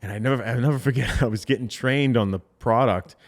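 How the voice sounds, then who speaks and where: Animated young man telling sales stories. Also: medium pitch, a little fast. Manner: animated storyteller who acts out quoted voices. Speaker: podcast co-host. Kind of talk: casual chat.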